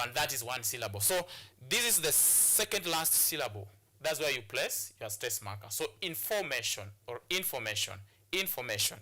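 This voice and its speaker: A Kenyan man with a high, pushed, bright voice teaches an English lesson on a television channel's classroom program. He explains step by step, often repeating and restarting words.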